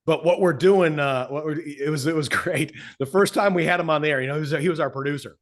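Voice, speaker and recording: A middle-aged man, a podcast co-host and former radio host, chatting casually and telling stories with animation. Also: fairly high pitch. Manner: animated storyteller, quick to slip into voices. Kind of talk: casual chat.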